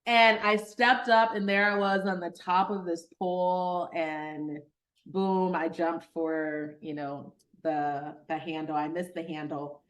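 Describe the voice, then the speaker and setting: A middle-aged woman physician from Detroit telling a personal story in an interview, animated, acting out the voices of people she quotes. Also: lowish voice, slow. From Detroit, Michigan. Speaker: guest, physician.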